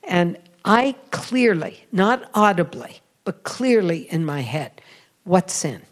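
A woman giving a sermon-style testimony, storytelling and confiding, often dropping to a soft whisper for emphasis and laughing at herself. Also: fairly low pitch, very animated, slow pace. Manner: self-deprecating, laughs at herself. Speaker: religious speaker with a radio program.

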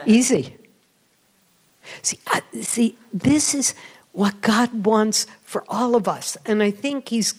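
A woman who hosts a religious radio program delivers a slow, unhurried testimony. She tells her story in a confiding way and often lowers her voice to a hushed whisper on the key words. Her tone stays humble, with light self-mocking laughter. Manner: storytelling, confiding, drops to soft whispers for emphasis; self-deprecating, laughs at herself. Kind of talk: sermon-style testimony.

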